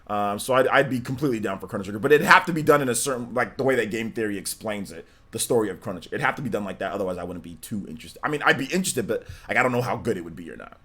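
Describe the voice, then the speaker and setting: A young man hosting a gaming livestream in casual chat, rambling and excitable, laughing often and answering questions from chat. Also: fairly low pitch, very fast, hardly any pauses, husky.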